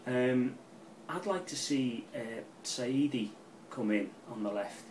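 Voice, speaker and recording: A middle-aged man giving a casual, rambling football match preview, excitable and swearing freely. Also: medium pitch, slow, recorded from a distance, a little hiss or hum. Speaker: football fan channel pundit. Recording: roomy, off-mic with faint ambience.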